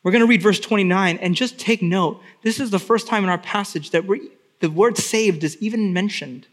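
A man delivers a sermon in a notably high voice. He preaches with emphasis and drives his points home by repeating key phrases. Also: moderate pace, fairly bright tone. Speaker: pastor.

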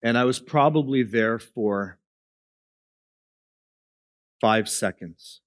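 A man preaching a sermon, first telling a story in an even, middling voice. As it goes on he climbs steadily in pitch and force until he is nearly crying out to the room. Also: slow pace, dry recording, studio quality. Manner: builds from quiet storytelling to impassioned preaching. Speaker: pastor.

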